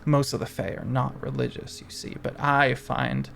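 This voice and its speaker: A man's voice: medium pitch, little pitch movement, normal speed, creaky, a bit bright, a little hiss or hum. A man voicing a cheerful, flirty female fairy cleric who loves the sun. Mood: bubbly.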